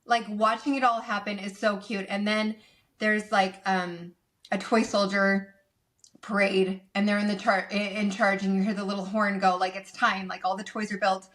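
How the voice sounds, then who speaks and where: A woman guest chatting on a casual podcast at a middle pitch. She retells a story in an animated, gushing way, piling on little details with a lot of enthusiasm. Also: moderate pace.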